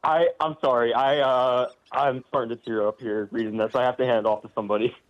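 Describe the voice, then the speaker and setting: A man's voice: medium pitch, fairly even intonation, fast, muffled recording. A male caller who keeps giggling as he jokes and reads to the host. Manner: giggly, joking.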